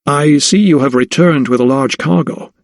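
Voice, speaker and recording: Earnest gentleman doctor, read by a male narrator: courteous, formal, period diction. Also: a little high, normal speed, no room sound, clean studio sound, lightly acted.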